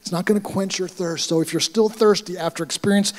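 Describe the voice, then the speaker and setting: A high-pitched American man preaches a sermon, acting out the conversations in his story with animated energy. His voice rings through a church hall with a long reverb trail. He is a pastor speaking to his congregation. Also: brisk. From United States.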